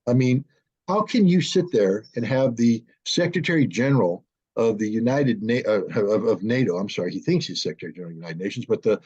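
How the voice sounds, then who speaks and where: A man talks bluntly and emphatically, in a husky voice. The audio comes through a muffled, lo-fi call. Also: medium pitch, a little mellow. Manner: blunt and emphatic, mimics politicians in raised voices. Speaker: guest analyst. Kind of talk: conversational political commentary.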